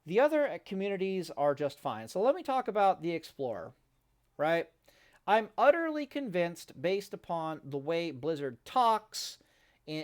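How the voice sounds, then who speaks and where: Profane rambling man, higher voice. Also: clear, resonant tone. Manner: profane, rambling, restarts often. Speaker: gaming vlogger. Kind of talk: ranting casual monologue. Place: home near a kitchen.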